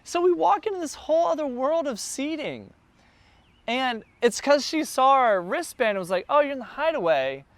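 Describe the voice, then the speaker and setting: A man who is a church planter, telling a casual, animated story to a group gathered in a backyard. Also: very high-pitched, moderate pace, no room sound. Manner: animated, builds excitement as the story goes on. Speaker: church planter addressing his launch team.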